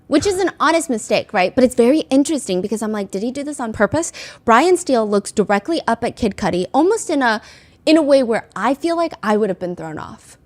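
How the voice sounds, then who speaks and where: A woman's voice: fairly high pitch, animated, fairly quick, a little mellow. A woman hosting casual commentary, recapping a trial in a chatty way with many filler words and acted-out quotes.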